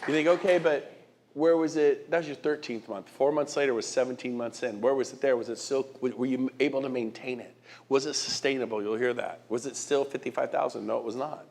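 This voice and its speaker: A man's voice: medium pitch, gravelly. Emphatic middle-aged male motivational speaker. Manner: emphatic, rhetorical questions to the crowd; repeats and restarts words. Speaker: guest speaker. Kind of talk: motivational speech to an audience.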